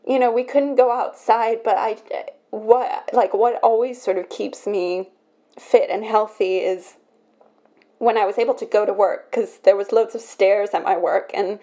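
Young woman on a podcast, mellow voice, halting and emotional, keeps starting over. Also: mid-range voice, fairly even intonation. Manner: emotional, halting, many restarts. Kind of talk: personal confessional talk.

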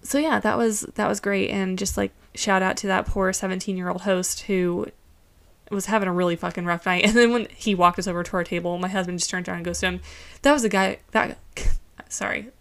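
Young woman, podcast co-host, sarcastic, swears a lot, gravelly fry in her voice, mid-pitched. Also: fairly even intonation, brisk, a bit bright. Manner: profane, sarcastic storytelling. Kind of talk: casual podcast chat.

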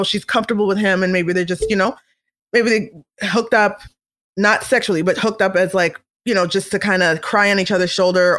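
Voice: medium pitch, a bit bright. A vlogger in a casual, chatty monologue, opinionated and playful, now and then slipping into comic voices. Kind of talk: casual celebrity gossip monologue.

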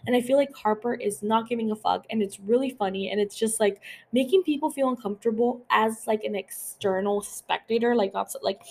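Chatty woman podcaster with gravelly voice. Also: a little high, darkish tone. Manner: chatty, fillers, swears freely. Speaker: podcast host. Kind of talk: casual TV recap chat.

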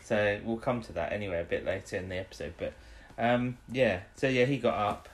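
A man's voice: on the low side, a little fast. A man co-hosting a casual chat, rambling as he recaps an episode and acts out the characters' lines. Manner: rambling, retells scenes with quoted voices. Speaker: podcast co-host.

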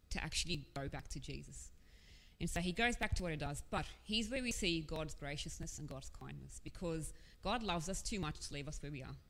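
A woman's voice: low-pitched, fairly bright tone. A woman preaching a sermon in an earnest, conversational way, with casual asides. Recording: long hall reverb.

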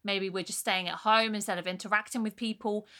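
A young woman chatting on a podcast, her voice bright and clear. She tells her stories candidly and easily, dropping in a casual swear here and there. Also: medium pitch, fairly even intonation, fairly quick. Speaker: podcast co-host. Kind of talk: casual chat.

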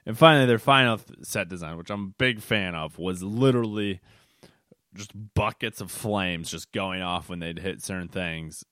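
Low-voiced man rambling about a concert. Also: moderate pace, a bit bright, no echo, studio quality. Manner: rambling, with many restarts and fillers; records late at night, yawning. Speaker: podcast host. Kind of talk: casual solo podcast monologue.

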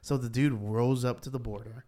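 A man co-hosting a podcast, chatting casually and rambling with lots of "like", his voice rising when he gets worked up. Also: moderate pace. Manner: rambling, heavy use of "like", rises in pitch when animated. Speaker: podcast co-host. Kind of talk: casual chat.

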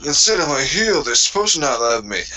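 A man's voice: fairly high pitch, very animated, fairly quick, bright, forceful tone, poor audio. A man co-hosting a wrestling podcast, ranting and joking with lots of swearing. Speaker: podcast co-host. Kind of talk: casual wrestling podcast chat.

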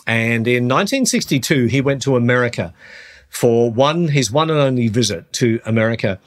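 A middle-aged man hosting a podcast, talking earnestly through a Bible teaching and slowing down on the points he wants to stress. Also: medium pitch, lively intonation. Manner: earnest, slows down on key phrases. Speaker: podcast host, Christian teacher.

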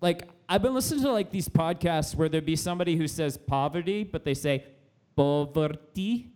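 A man's voice: on the high side, fairly quick, a little mellow, clean tone. A man hosting a casual podcast chat, rambling and filling his talk with "like". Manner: rambling, full of "like" fillers. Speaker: podcast host.

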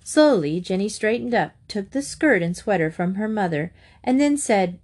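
A woman narrating a children's story aloud, lively and shifting her voice higher for the children's lines. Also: normal speed, hardly any pauses. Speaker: audiobook reader.

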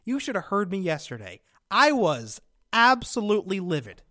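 A young man hosts his radio program, spinning a rambling story full of fillers and growing exasperation. His voice sits high for a man. The studio sound is close and dry, with no room echo. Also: wildly swooping pitch, moderate pace, a bit bright. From Connecticut. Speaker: radio host. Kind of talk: casual storytelling monologue. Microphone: studio microphone.

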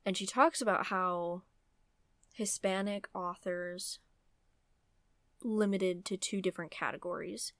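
A young woman in a casual book vlog, talking in an animated, worked-up way with lots of fillers. Her voice sits at an ordinary pitch and sounds close and dry, with no room around it. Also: unhurried, long pauses, no room sound. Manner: animated, ranting, many fillers. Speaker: book vlogger. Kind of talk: casual opinionated book talk.

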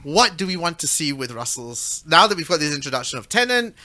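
A man's voice: a little high, sing-song, fairly quick, pushed and bright. A man hosting a casual podcast chat, reading listener comments aloud and laughing often. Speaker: podcast host.

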